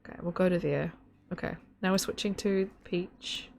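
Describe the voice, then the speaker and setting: A woman chats her way through a live game stream, rambling and giggling as she goes. Her voice sits low with a gravelly fry, and the talk is loose and off-the-cuff, aimed at her viewers. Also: moderate pace, a little hiss or hum. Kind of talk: casual live-stream chat while gaming.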